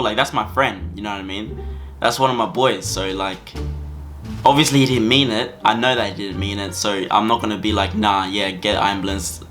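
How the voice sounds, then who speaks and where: Young man, casual storytime, rambling with fillers, bright tone, faint background music. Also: fairly low pitch. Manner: animated, rambling with lots of fillers and repeats. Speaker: vlogger.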